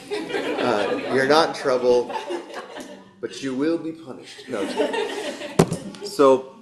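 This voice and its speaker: A man with a medium-pitched voice leads a yoga teacher training class, chatting, joking, and encouraging his students. The casual class talk takes place in a warm studio room with a group, and the echoey recording carries background noise.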